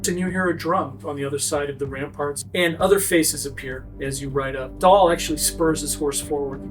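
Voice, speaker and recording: A man narrating a tabletop role-play game as game master, setting each scene in brisk detail. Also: a little high, fairly even intonation, faint music behind.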